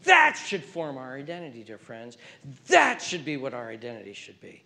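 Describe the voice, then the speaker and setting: A male pastor preaching a sermon, alternating emphatic raised calls with hushed, whispered passages. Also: medium pitch, wildly swooping pitch, normal speed, creaky.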